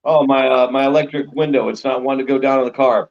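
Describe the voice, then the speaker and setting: A man chatting loosely as a comedian guest, telling animated little stories. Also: medium pitch, fast, dull audio, slight background noise. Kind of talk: casual comedy chat.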